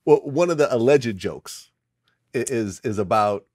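A man hosting a casual sit-down interview, asking relaxed follow-up questions. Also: mid-range voice, unhurried, breathy edge, no room sound, clean studio sound. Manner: relaxed, asks follow-ups, short agreements. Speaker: interview host.

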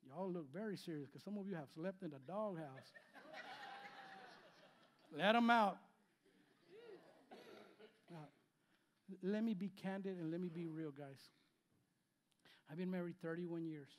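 A pastor in his fifties preaches with a high voice for a man. He swings between loud, emphatic lines and quiet asides, and he repeats key phrases as he goes. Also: measured pace, long pauses. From Spanish-speaking background. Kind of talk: sermon. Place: church sanctuary.

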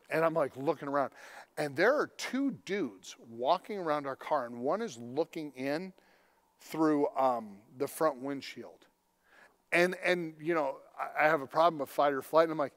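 A male pastor preaching a sermon in a conversational storytelling way, with sudden loud emphatic lines. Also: a little high, normal speed.

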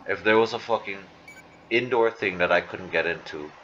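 A man's voice: low-pitched, normal speed, fairly bright tone, lo-fi sound, slight background noise. Frustrated swearing man playing a game. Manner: frustrated, swearing, muttering to himself. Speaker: gamer. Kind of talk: gameplay commentary.

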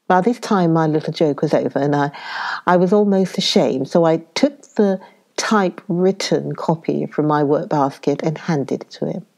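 A woman narrating a classic story in the first person for an audiobook, in a calm, measured reading. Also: low-pitched, vocal fry.

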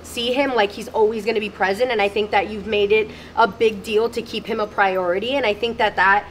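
A woman's voice: medium pitch, fairly even intonation, a little fast, a little hiss or hum. A young woman on her church's staff gives a heartfelt, rambling toast to a friend. She is openly emotional and fills her talk with "like" and "you know". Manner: earnest, emotional, rambling with many fillers.

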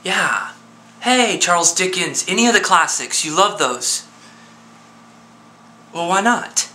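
A man's voice: sits high, big pitch swings, slow pace, sharp tone, exaggerated voice. A man playing an earnest, worried friend on the phone. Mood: pleading. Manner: earnest, coaxing, insistent. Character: worried male friend pleading with a despairing man. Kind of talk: one-sided phone call drama.

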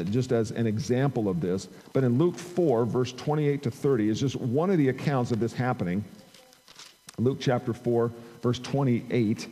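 A man's voice: mid-range voice, dark tone, breathy edge, big-room sound, low-quality recording. A man preaching a conversational sermon into an amplified microphone, reading scripture aloud and rising in emphasis. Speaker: pastor. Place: church sanctuary.

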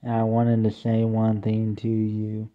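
A young man half sings, half speaks a homemade song, slow and plaintive, his melody mostly flat apart from long drawn-out cries. The sound is thin and tinny, like it was caught on a phone. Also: on the low side.

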